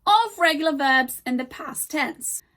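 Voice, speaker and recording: A high-pitched woman gives a scripted English grammar lesson. She slows right down to model each example word with care. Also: lively intonation, over loud music. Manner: slow, deliberate modeling of example words. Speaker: English teacher.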